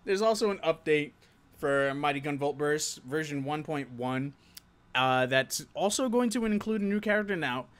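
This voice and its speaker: A man's voice: mid-range voice, a bit bright. A man hosting a casual gaming news stream, rambling, restarting sentences and chuckling at his own asides. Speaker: show host.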